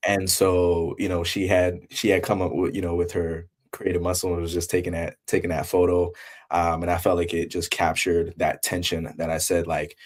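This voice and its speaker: A man's voice: low-pitched, level tone, normal speed. A man talking as the guest artist in a casual interview, reflective and loose, with many fillers.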